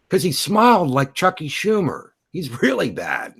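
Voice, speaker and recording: A man's voice: a little high, wildly swooping pitch, moderate pace, creaky, few pauses, fairly bright tone, slightly rough. A man arguing heatedly on a voice-chat call, sarcastic and talking over the others. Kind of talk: heated argument.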